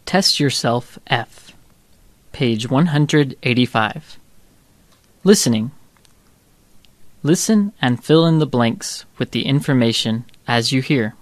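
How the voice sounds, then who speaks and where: A man's voice: medium pitch, lively intonation, no room sound. A man reading out textbook exercise titles and instructions in a formal manner. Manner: slow, formal announcing. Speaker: textbook audio narrator.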